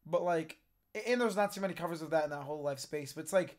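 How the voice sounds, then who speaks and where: Hoarse young man reacting casually. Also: a little high, fast. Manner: excitable, swears casually, laughs often. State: hoarse, losing his voice. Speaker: reaction video host.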